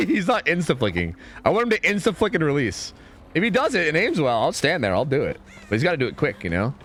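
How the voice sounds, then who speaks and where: A man streaming a game, chatting excitedly and swearing as he talks to his teammates and viewers. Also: fairly high pitch, fast talker. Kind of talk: live gameplay commentary.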